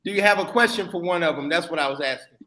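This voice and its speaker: Bright teasing New York host. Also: male voice, on the high side, quick pace. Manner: teasing, joking. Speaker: live-stream host. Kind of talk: casual live-stream chat.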